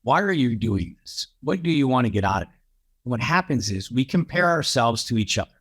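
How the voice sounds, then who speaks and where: A man's voice: mid-range voice, sing-song, brisk, fairly bright tone, husky. A man who is a podcast guest and real estate coach, talking in a punchy, repetitive way and laying out his points one by one. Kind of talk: emphatic coaching talk.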